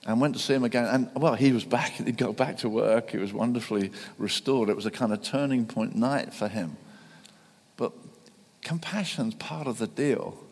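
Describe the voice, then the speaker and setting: A man preaches with a gravelly, husky voice that keeps catching on restarts before it swells into fervent emphasis. His words ring out with a long reverb through a large hall. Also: mid-range voice, darkish tone. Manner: halting with many restarts, building to fervent emphasis. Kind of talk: sermon.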